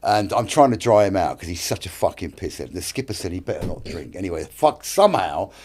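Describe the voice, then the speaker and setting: A man's voice: sits low, big pitch swings, brisk, a little mellow, slight background noise. A middle-aged British man, an actor and director, tells stories as a podcast guest, swearing a lot and acting out other people's lines. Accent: British English. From Britain. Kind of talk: casual storytelling. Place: podcast studio.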